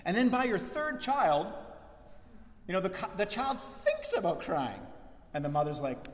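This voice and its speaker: A man preaching a sermon as pastor, lively and acting out the voices he quotes. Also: high-pitched, measured pace. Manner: animated, acts out quoted voices. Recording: echoey church hall.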